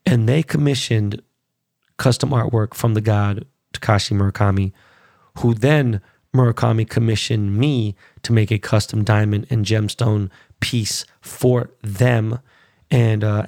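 A man's voice: fairly low pitch, creaky, darkish tone, no room sound, clean studio sound. A man hosting a podcast, ranting bluntly and profanely about sports and his life. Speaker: podcast host. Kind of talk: casual rant.

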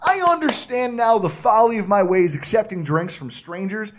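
A man co-hosting a sports podcast, ranting loudly and animatedly in casual chat. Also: high-pitched, animated, moderate pace. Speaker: podcast co-host.

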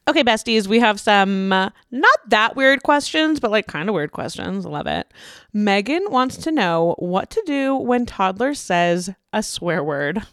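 A woman in her thirties co-hosting a podcast in casual chat, bubbly and quick to laugh. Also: mid-range voice, dry recording, studio quality. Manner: bubbly, animated, laughs often. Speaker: podcast co-host.

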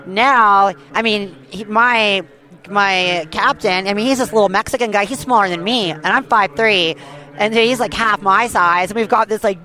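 A woman guest telling a long story with lively excitement, full of fillers and quick restarts. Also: mid-range voice. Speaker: guest hunter. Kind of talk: animated storytelling.

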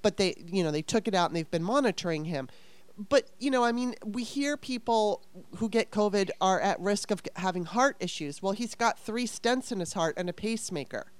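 Woman co-host, fired-up and exasperated, swears freely; smooth, dry recording. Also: mid-range voice, expressive, dry recording. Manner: fast, exasperated venting with frequent profanity. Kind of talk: heated casual conversation.

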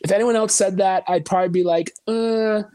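A man's voice: high voice, brisk, no echo. A young man from Canada, a country singer guest on a podcast, chatting casually and acting out the voices of people in his stories. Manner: animated storytelling, acting out quoted voices.

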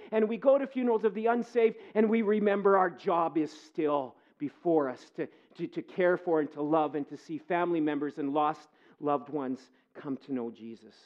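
A man preaching a sermon as pastor, earnest, moving between quiet reflection and impassioned pleading. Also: fairly high pitch, normal speed, hardly any pauses, muffled recording.

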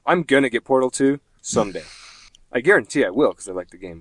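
A man's voice: mid-range voice, lively intonation, fast talker, slight background noise. A man in his late twenties hosting a casual gaming podcast, rambling and self-deprecating, laughing often. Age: 20s. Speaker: podcast host.

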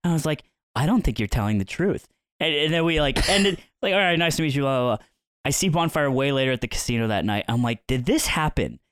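A man's voice: quick pace, clear, resonant tone, no echo, studio quality. A man co-hosting a podcast, telling stories in casual chat and acting out the people he quotes. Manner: animated, acts out quoted people with sudden pitch jumps. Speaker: podcast co-host.

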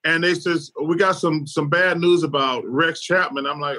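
A man's voice: a little high, fairly even intonation, normal speed, sharp tone, low-quality recording. A middle-aged man co-hosting a talk show, speaking earnestly and emotionally and drawing out his words. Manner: earnest, choked up, drawn out. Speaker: co-host.

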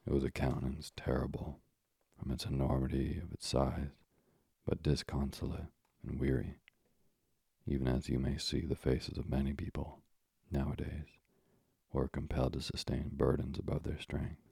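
A man reading a classic tale aloud as a calm, measured bedtime story narrator. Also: very deep voice, vocal fry, breathy edge, no echo. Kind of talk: slow, soothing sleep-story reading.

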